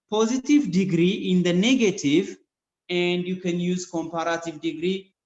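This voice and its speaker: A man with an Ethiopian accent teaches grammar over a video call, taking his time and spelling out letters. His voice sits a little high for a man. The audio is dull and echoey, like a call from a bare room. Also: a little mellow. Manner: slow, methodical explanation, spelling out letters. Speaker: English teacher. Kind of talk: online grammar lesson.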